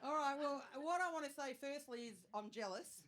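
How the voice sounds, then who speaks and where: A woman in her thirties with an Australian accent, performing a stand-up comedy set, chatty and self-mocking with quick asides to the crowd. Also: high-pitched, expressive. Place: comedy venue stage with live audience. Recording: live show with audience noise.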